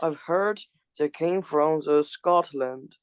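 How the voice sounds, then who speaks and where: Hesitant male English learner, slow and smooth. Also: on the high side, no echo, highs cut off. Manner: hesitant, halting with fillers. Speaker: English student. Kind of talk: reading practice dialogue aloud.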